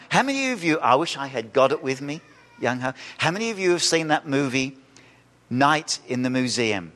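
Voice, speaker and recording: A male pastor preaching a sermon, animated, acting out quoted voices and asking the congregation questions. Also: medium pitch, brisk. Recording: reverberant church hall.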